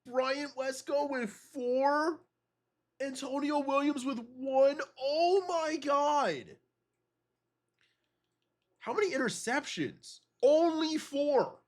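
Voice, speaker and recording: A man with a cold, reacting to simulated game results in an excitable, disbelieving way and swearing often. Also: very high voice, slow pace, pauses often. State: has a cold. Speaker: gaming video creator.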